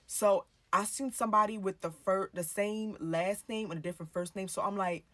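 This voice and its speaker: Woman vlogger, casual storytime delivery, profane, conversational, mid pitch. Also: steady tone, normal speed, a bit bright, no echo. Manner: chatty, swears freely, acts out her own past dialogue.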